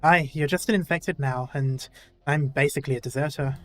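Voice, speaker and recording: A man's voice: medium pitch, fairly bright tone, lightly acted. A man voicing an army deserter soldier with a put-on Scottish accent that drifts toward Irish. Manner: folksy, wavering accent.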